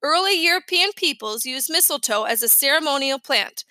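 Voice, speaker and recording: A woman's voice: sits high, expressive, moderate pace, pushed and bright, dry recording. A woman voicing a patient male schoolteacher in a storybook reading, explaining things in a lecturing way.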